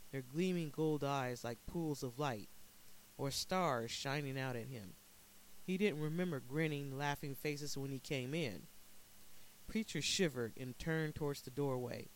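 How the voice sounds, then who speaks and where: A man narrating a dark short story in a measured, dramatic way. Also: a little high, slight background noise, poor audio.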